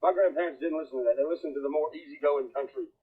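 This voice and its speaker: A man's voice: fairly high pitch, rapid-fire, slightly rough. A man delivering a crude, mocking roast, heckling and swearing, heard as a tinny played-back clip. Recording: tinny phone-like playback.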